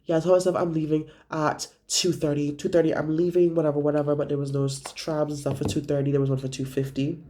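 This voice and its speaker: A man's voice: fairly high pitch, flat delivery, quick pace, hardly any pauses, dark tone. A young man vlogging about his week in a gossipy, profane way, acting out what friends said. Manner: gossipy, profane storytelling with acted-out quotes. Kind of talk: casual chat.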